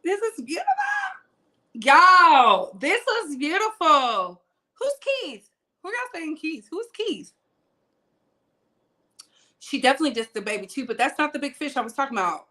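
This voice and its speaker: A woman hosts a casual livestream, her voice sitting very high and bright with a sharp edge. She talks in an animated, teasing way, trash-talking playfully and breaking into laughter often. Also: measured pace, pauses often. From Southern United States. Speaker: livestream host. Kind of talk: casual livestream chat with audience.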